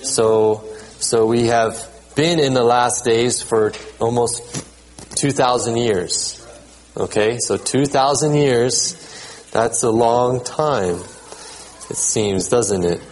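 A man's voice: medium pitch, a little mellow, low-quality recording. Conversational male preacher. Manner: conversational, repeats words, checks in with "okay?"; reads scripture aloud in a measured cadence. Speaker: pastor. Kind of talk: sermon.

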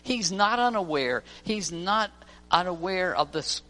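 A man's voice: sits high, expressive, a little slow, pushed and bright. A man preaching a sermon in a church, telling stories and acting out the voices of the people in them. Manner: storytelling preacher, acts out voices. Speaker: pastor. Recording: long reverb of a church hall, faint music.

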